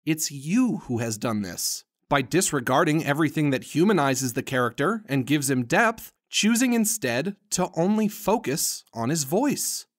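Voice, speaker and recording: A man's voice: on the high side, expressive, moderate pace, hardly any pauses. A man narrating a comedic commentary voice-over, arguing in a sarcastic, mock-earnest way. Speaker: host and narrator.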